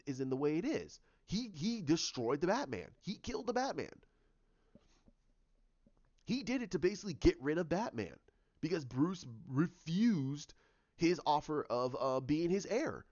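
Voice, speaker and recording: A man giving a ranting commentary, animated and repetitive, often restarting his sentences. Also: fairly high pitch, dry recording, lo-fi sound. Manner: animated, repeats himself, many restarts.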